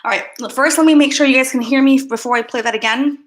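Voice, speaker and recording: A woman hosting a casual livestream. She is out of breath, and she talks in a halting way, repeats herself and keeps checking whether viewers can hear her. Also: high-pitched. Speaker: psychic livestream host.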